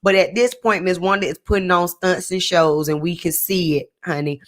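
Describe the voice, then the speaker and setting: A woman's voice: fairly low pitch, fairly even intonation, normal speed. A woman casually recapping a reality TV episode in a sassy, chatty way, full of slang asides. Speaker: TV recap reviewer.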